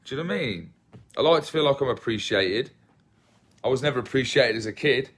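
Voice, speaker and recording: A man's voice: mid-range voice, animated, a little fast, a bit bright, breathy edge. An English man with an English accent chatting casually with viewers on a livestream, self-deprecating and rambling. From England. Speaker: livestream host.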